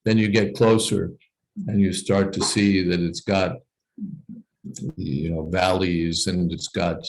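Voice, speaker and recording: Deep-voiced man teaching a scripture class. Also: level tone, low-quality recording. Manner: thoughtful, explains slowly with "you know" asides. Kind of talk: explanatory class discussion.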